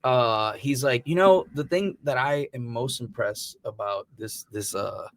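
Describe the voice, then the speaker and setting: A man's voice: mid-range voice, measured pace, no room sound. A man from Missouri, a podcast host, telling stories in casual chat and swearing freely. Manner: rambling storyteller, swears freely.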